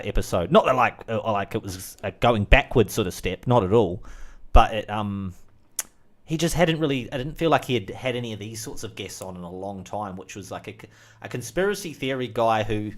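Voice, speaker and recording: A man talks alone on a stream, drifting from one topic to the next with plenty of fillers. His jokes are crude and his asides frequent. His voice sits at an ordinary middle pitch for a man. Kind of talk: rambling solo monologue.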